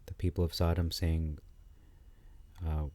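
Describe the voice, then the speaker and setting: Low, mellow-voiced man musing aloud. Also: flat delivery, dry recording. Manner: thinking aloud, halting with frequent fillers and restarts. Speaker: scripture commentator. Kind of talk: casual explanatory commentary.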